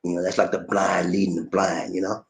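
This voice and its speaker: A man hosting a casual livestream, reading viewer comments aloud and reacting to them in a lively, talkative way. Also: low voice, a little fast, creaky. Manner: animated, shouts catchphrases, reads comments aloud and reacts.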